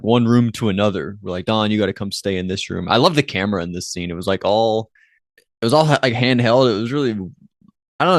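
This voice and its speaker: The clean studio recording, free of echo, captures a man at medium pitch co-hosting a podcast. He talks casually and rambles, often restarting and using fillers.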